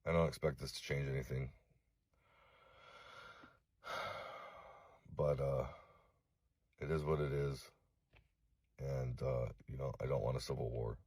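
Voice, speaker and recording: A middle-aged man from Los Angeles making a direct-to-camera apology video, halting and remorseful, swearing often. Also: very deep voice, little pitch movement, a little mellow, breathy edge, no room sound. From Los Angeles, USA. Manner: halting, remorseful, heavy swearing, frequent fillers. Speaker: vlogger.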